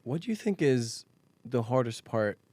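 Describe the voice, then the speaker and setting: A man's voice: mid-range voice, very animated, moderate pace, darkish tone, no room sound. A man speaks in a plain mid-range voice, easygoing and explanatory as he co-hosts a casual talk. The recording is close and dry. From France. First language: French. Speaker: co-host. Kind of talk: casual conversation.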